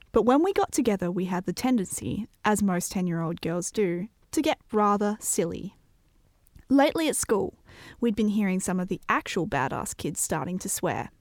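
A woman narrating a childhood memory with vivid, animated storytelling. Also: medium pitch, no room sound, clean studio sound. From Australia.

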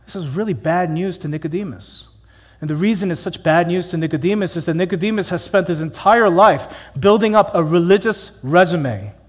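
Pastor guy preaching in church, punchy, lots of questions to the crowd, kinda high voice. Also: brisk, husky, long reverb tail. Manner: emphatic, conversational, rhetorical questions. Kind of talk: sermon.

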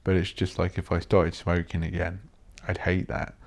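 A man's voice: sits low, flat delivery, moderate pace, vocal fry, darkish tone. A man hosting a solo podcast, rambling and ranting with plenty of swearing. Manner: swears a lot, rants and mocks posh voices. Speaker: podcast host.

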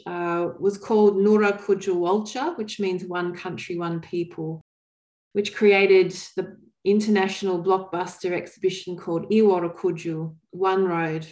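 A woman, telling stories in an interview in an earnest, thoughtful way, with pauses and restarts. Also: mid-range voice, steady tone, reverberant. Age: 40s. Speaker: guest. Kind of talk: reflective interview storytelling.

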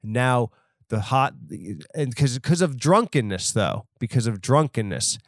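A man's voice: medium pitch, animated, unhurried, no room sound, studio quality. A man hosting a podcast, rambling through an off-the-cuff comedic story and mocking himself as he goes. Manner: self-deprecating, rambling, off the cuff. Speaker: podcast host.

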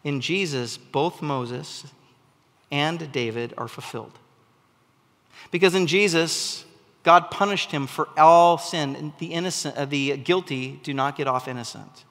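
A man preaching with a fairly high voice that climbs into emphatic, animated bursts. His sermon rings out with a long reverb trailing behind every phrase, as in a large hall. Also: unhurried. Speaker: pastor.

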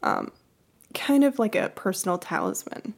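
A woman co-hosting a casual podcast, laid-back and quick to laugh. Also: medium pitch, expressive, creaky. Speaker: podcast co-host. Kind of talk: casual chat.

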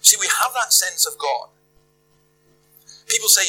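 Man, sermon, very bright forceful tone, fairly high voice, faint music behind. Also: very animated, a little fast, poor audio. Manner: conversational, emphatic, rhetorical questions. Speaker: preacher. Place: church.

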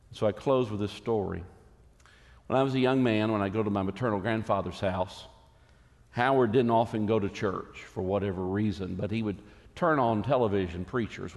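A man preaching a sermon as a pastor, earnest and emphatic, with dramatic pauses. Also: on the low side, gravelly, darkish tone, big-room sound.

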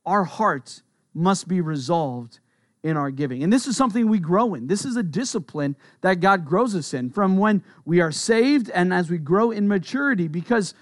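A pastor giving a sermon in an earnest, conversational way, with quick asides. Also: male voice, sits high, lively intonation, no room sound, clean studio sound.

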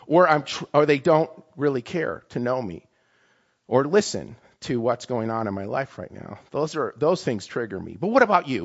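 A man preaching a sermon in a lively, confessional way, often checking in with "right?". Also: medium pitch, lo-fi sound. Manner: animated, confessional, many "right?" tags.

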